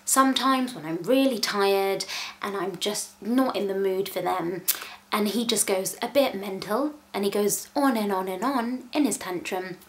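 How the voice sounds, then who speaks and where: A woman's voice: mid-range voice, a little slow. A woman, a mother, talking casually and candidly to camera in a parenting vlog, with a self-mocking tone. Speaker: vlogger, mother.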